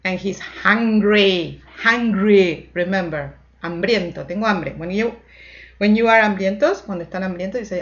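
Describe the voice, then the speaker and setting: A woman's voice: medium pitch, fairly bright tone. Woman teaching English to kids, dull recording. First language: Spanish. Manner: sing-song, mixing Spanish and English, drawn-out repetitions. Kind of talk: children's English lesson.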